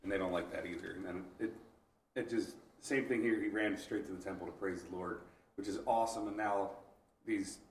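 A man's voice: sits low, fairly even intonation, fairly quick, a little hiss or hum. A man talking casually in a discussion, speaking conversationally and restarting his words now and then. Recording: echoey room, mic far off.

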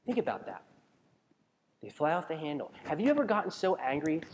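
A man's voice: fairly high pitch, big pitch swings, fairly quick, darkish tone, slight background noise. A man preaching a sermon as a pastor in a conversational way, asking the congregation questions and often restarting his sentences. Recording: long reverb of a large hall.

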